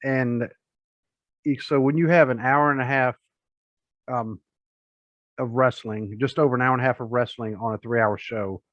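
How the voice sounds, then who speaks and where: A man's voice: mid-range voice, steady tone, normal speed, long pauses, fairly bright tone, dry recording. A man, co-hosting a wrestling podcast in a rambling, chatty, joking way. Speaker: podcast co-host. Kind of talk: casual chat. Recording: dull lo-fi podcast audio, dry.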